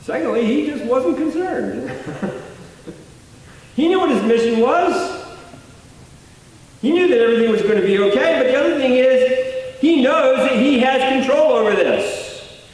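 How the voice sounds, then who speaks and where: A man's voice: extremely high pitch, expressive, measured pace, pauses often. A man preaching a sermon in a conversational, explaining way, often rephrasing and repeating himself. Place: church sanctuary. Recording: echoey hall, voice from a distance.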